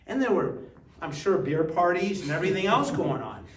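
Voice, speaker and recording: A man telling lively anecdotes in a casual gallery talk, acting out the people in his stories. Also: normal speed. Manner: animated anecdotes, acts out voices with big pitch jumps. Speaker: art collector giving a gallery talk. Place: museum gallery. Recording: echoey gallery, distant mic, faint hiss.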